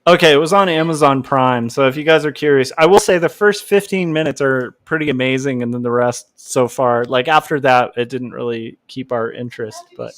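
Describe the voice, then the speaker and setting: A man's voice: medium pitch, no echo. Guy rambling on a livestream, lots of likes and ums, dry close sound. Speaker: livestream host, comic artist. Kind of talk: casual livestream chat.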